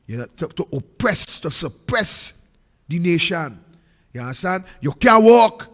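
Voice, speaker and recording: Fiery high-voiced Trinidadian man ranting. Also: big pitch swings, measured pace, a bit bright, long reverb tail. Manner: fiery, ranting, repetitive, at times sing-song. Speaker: political commentary host. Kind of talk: impassioned political monologue.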